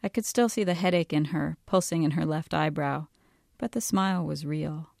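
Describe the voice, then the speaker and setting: Low gravelly woman reading calmly. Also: no echo, studio quality. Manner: calm, measured literary reading. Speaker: author. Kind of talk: reading her novel aloud.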